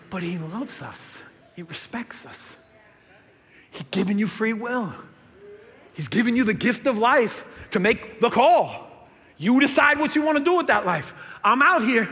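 Animated preacher in a reverberant hall. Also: male voice, very high voice, moderate pace, a faint crowd. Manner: animated, swinging from hushed to shouted. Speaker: pastor. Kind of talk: sermon.

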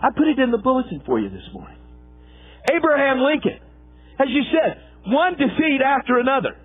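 A man preaching a sermon, telling a folksy coaching story with lively, acted-out quotes. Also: very high-pitched, brisk, breathy edge, phone-quality sound, soft background music. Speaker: pastor and former football coach.

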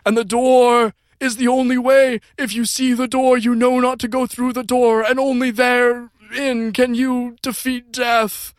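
A cryptic older man delivers riddles at a crawl, put on by a man in a comedy podcast. His voice sits very high and drawn out, recorded close and dry. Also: flat delivery, a little slow, few pauses, clean tone, no room sound. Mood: portentous.

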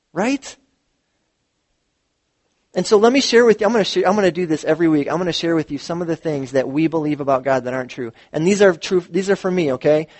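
Animated high-voiced male pastor. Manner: animated storytelling with acted quotes. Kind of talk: sermon. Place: church.

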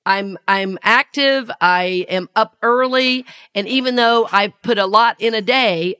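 A woman's voice: medium pitch, animated, measured pace, sharp tone. A woman with a Southern US accent hosting a spiritual podcast, talking earnestly and laughing often. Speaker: podcast host and spiritual teacher.

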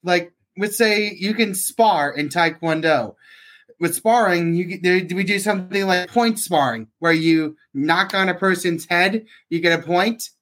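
A young man answers questions as a podcast guest, speaking in a hesitant, halting way. His voice sits a little higher than most men's. He often restarts his sentences and fills gaps with "like". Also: fairly bright tone. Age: young adult. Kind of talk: casual interview.

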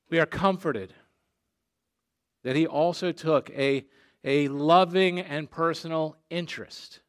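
A man preaching a sermon, slow and emphatic, dropping soft and low on key phrases. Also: smooth. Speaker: pastor.

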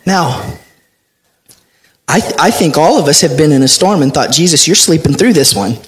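Man, pastor, sermon, fairly high voice, animated scripture reading. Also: a little slow, long pauses.

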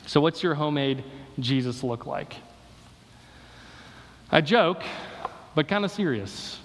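A man's voice: fairly high pitch, expressive, takes it slowly, a little hiss or hum. A man preaching a sermon, delivering emphatic repeated rhetorical questions. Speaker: pastor. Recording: long reverb of a hall.

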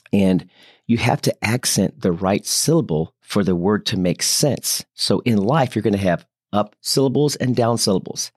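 Deep, husky-voiced man telling church stories. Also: no room sound, clean studio sound. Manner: earnest storytelling, animated retelling of anecdotes. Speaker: church co-host. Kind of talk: casual Bible study discussion.

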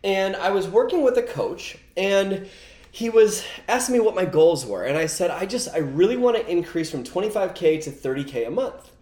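A man's voice: high voice, animated, moderate pace, a little mellow, reverberant. A man teaching a recorded course lesson, energetically telling a story and acting out quoted dialogue. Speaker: online course coach.

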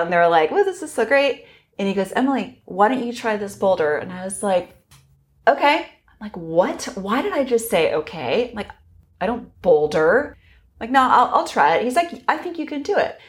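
A woman in her forties, a podcast guest telling stories in casual chat, acting out her own reactions and laughing often. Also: medium pitch. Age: 40s.

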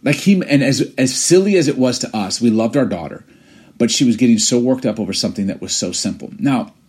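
A man's voice: mid-range voice, expressive, brisk, darkish tone, slightly rough. A man in his forties co-hosting a podcast, telling stories in an earnest, reflective way. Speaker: podcast co-host. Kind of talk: casual chat.

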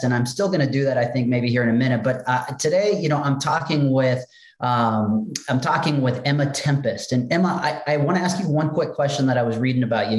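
A man hosts a podcast and chats casually with his guest, rambling and playful. His voice sits at a middle pitch, and the sound carries a roomy echo. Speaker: podcast host. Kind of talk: casual interview chat.

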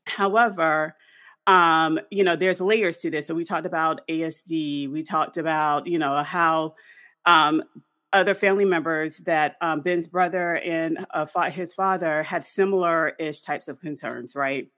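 A woman's voice: low-pitched, a little slow. A woman co-hosting a podcast, telling a story in casual chat with lots of fillers. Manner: animated storytelling with many fillers. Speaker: podcast co-host.

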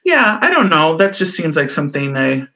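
A woman's voice: low voice, very animated, moderate pace, sharp tone. A woman with a Midwestern accent co-hosting a podcast in casual chat, explaining things and laughing often. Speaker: podcast co-host.

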